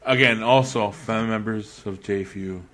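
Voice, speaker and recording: A man's voice: fairly low pitch, fairly even intonation, measured pace, fairly bright tone. A man co-hosting a casual wrestling podcast, teasing his co-host and laughing often. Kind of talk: casual wrestling predictions chat.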